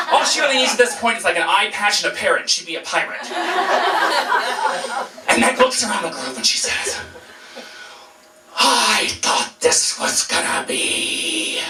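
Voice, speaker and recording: A man telling a funny personal story to an audience, animated and self-mocking, acting out voices and sounds, in a roomy echoing space. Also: very high voice, slight background noise.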